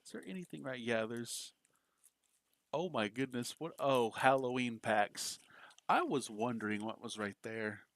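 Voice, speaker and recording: A man's voice: mid-range voice, measured pace, fairly bright tone, no echo. A man from the United States, streaming a game and chatting casually, joking, laughing often and answering chat aloud. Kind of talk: casual live-stream chat while gaming.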